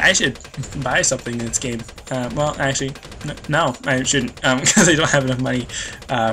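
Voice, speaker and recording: A young American let's play host rambles through casual gameplay commentary, poking fun at himself with lots of fillers and little laughs. His medium-pitched voice sounds pushed and bright, with a slight hiss or hum in the recording.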